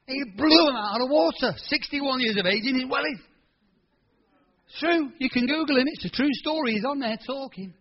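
Husky preacher in his sixties. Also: very high-pitched, normal speed, dull audio. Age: 60s. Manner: animated, colloquial storytelling with quoted voices. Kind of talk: storytelling sermon.

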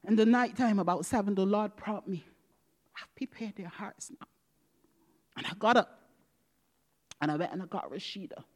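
Woman preacher, mid-pitched voice, dramatic testimony that swings from loud exclamations to hushed whispers. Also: fairly quick. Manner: acts out quoted dialogue with God. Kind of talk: personal testimony sermon.

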